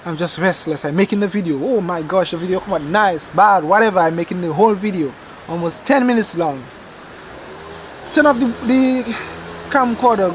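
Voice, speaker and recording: A high-pitched man with a Dominican accent rambles to camera as the host of a gardening vlog, telling stories in an animated way. His voice rides over a faint outdoor hum with vehicles now and then. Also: poor audio. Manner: rambling, animated storytelling with dramatic outbursts. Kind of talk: casual chat to camera.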